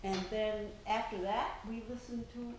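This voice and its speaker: Slow-talking older woman telling stories. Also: fairly high pitch, fairly even intonation. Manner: chatty, laughs often, warm anecdotes. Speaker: author giving a talk. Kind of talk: storytelling talk to an audience. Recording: echoey room with faint noise.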